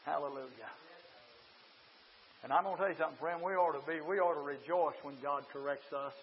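High-voiced preacher. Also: male voice, a little fast, muffled recording, a little hiss or hum. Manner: swings from shouting to quiet confiding. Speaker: pastor. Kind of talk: sermon. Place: church.

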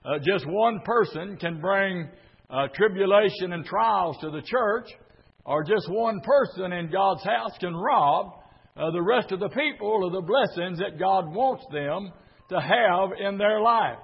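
A man's voice: high voice, unhurried, creaky, slightly rough. An older man preaching a revival sermon in a church, fervent, with frequent "uh" fillers and repeated phrases. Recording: dull, long-reverb church sound.

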